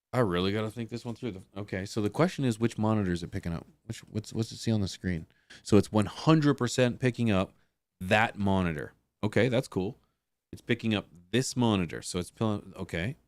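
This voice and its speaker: A man's voice: on the low side, no room sound. A man hosting a casual livestream, laughing and muttering to himself as he sorts out his monitors. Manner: laughing, muttering to himself while fixing tech. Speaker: livestream host.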